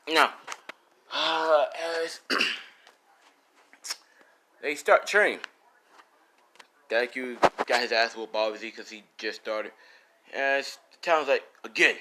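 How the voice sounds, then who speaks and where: A man's voice: medium pitch, slow pace, pauses often, bright, forceful tone. A man narrating an improvised fan story in a rambling, self-correcting way, with casual swearing.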